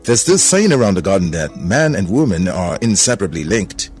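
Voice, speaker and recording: A man voicing a sly male serpent who speaks in a smooth, coaxing way. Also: deep voice, very animated, brisk, darkish tone, faint music behind.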